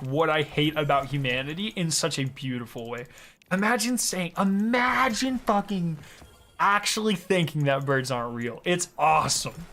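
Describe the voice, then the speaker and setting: In a fairly high, bright, forceful voice, a young streamer chats casually with his audience during a game, cracking jokes, cursing and laughing a lot.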